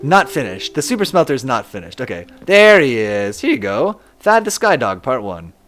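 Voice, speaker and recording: Over soft background music, a young streamer talks at a moderate pace in a medium-pitched, fairly bright and very animated voice. He plays a game, reads chat aloud, jokes at his own expense and laughs frequently.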